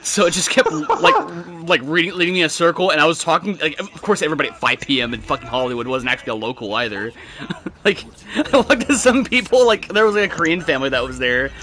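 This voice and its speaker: A man's voice: on the high side, big pitch swings, fast talker, sharp tone. A young man, telling rambling, profane stories while gaming with friends. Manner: rambling, profane storytelling with laughs. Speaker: gamer chatting with friends. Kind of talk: casual gaming chat.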